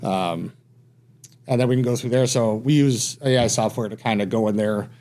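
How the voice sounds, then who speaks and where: A man's voice: on the low side, normal speed, dark tone. A man, a pizza franchise owner, talking casually as a podcast guest, reserved and self-deprecating, often trailing off.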